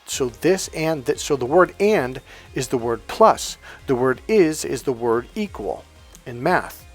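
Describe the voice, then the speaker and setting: A man giving an emphatic, repetitive motivational coaching talk. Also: medium pitch. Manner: emphatic, repetitive, chanting mantras. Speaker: life coach.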